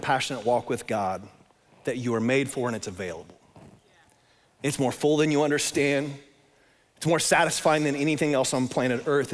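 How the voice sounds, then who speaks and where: A man's voice: medium pitch, big-room sound. A man preaching a sermon, talking casually and with emphasis and repeating his phrases. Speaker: pastor.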